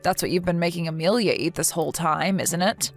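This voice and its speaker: A woman's voice: fairly low pitch, a little fast, faint music behind. A woman voicing a caring, outspoken young woman. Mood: firm. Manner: firm and reassuring. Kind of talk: text-message story reading.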